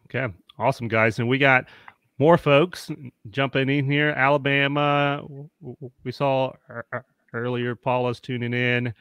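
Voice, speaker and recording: A man's voice: mid-range voice, fairly even intonation, measured pace, fairly bright tone, clean tone, dry recording. A man hosting a live-streamed panel interview, chatty and upbeat, greeting viewers by name. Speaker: host.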